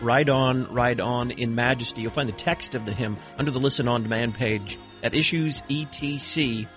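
Smooth-voiced male radio host. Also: mid-range voice, moderate pace, a bit bright, soft background music. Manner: smooth, practiced announcer delivery. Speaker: radio talk show host. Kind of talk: radio hosting and announcements.

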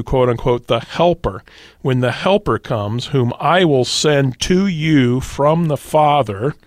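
A man's voice: medium pitch, dry recording, studio quality. A man, a pastor guest on a radio talk show, explaining doctrine in a teacherly way and quoting scripture. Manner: teacherly, quotes scripture, occasional fillers.

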